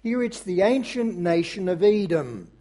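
A man delivering a sermon with a high-pitched voice that stays mellow and soft-edged. He speaks earnestly and at a measured pace, addressing the congregation directly and pausing now and then on small filler sounds. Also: very animated. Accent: non-American English. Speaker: pastor.

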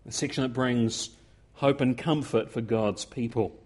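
A man's voice: medium pitch, steady tone, unhurried, darkish tone. A man preaching a sermon to his congregation in an earnest way, repeating key words and building emphasis.

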